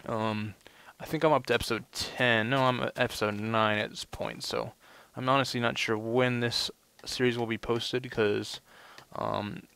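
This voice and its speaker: A man's voice: medium pitch, fairly even intonation, normal speed, creaky, hardly any pauses, sharp tone, clear, resonant tone, dry recording. A young man giving casual let's play commentary, rambling and full of "you know" fillers. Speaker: gameplay commentator.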